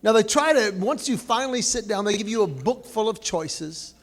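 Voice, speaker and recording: A man's voice: high-pitched, lively intonation, normal speed, fairly bright tone. A man giving a humorous after-dinner speech at a banquet, telling folksy stories with comic asides. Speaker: banquet speaker.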